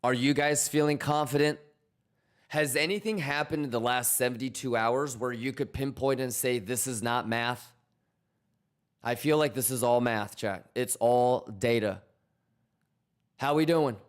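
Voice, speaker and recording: A man's voice: medium pitch, measured pace, pauses often. A man streaming live, chatting casually with viewers about crypto trades in a hyped, profane, teasing manner, repeating questions to the chat.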